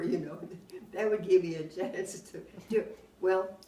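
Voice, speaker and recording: An older woman, telling rambling anecdotes in a casual, animated way and often laughing as she talks. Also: mid-range voice, unhurried, few pauses. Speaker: oral history interviewee. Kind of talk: casual storytelling. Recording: roomy, distant mic, faint background hum.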